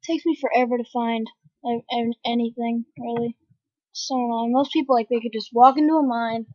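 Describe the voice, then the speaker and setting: A woman's voice: on the high side, steady tone, moderate pace, a little mellow, no echo. A woman giving dramatic, complaining gameplay commentary that breaks into panicked screams. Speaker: gamer. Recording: dull lo-fi home recording.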